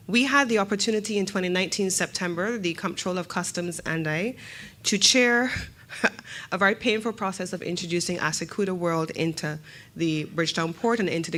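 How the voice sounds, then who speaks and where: A woman's voice: lowish voice, fairly bright tone. Barbadian woman giving a formal speech. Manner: measured, emphatic, rhetorical questions. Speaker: government minister.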